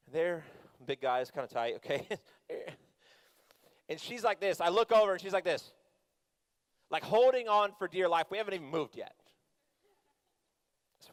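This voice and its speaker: A middle-aged man, a youth pastor, preaching a sermon and telling a family story in an animated, conversational way with quick asides. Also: a little high.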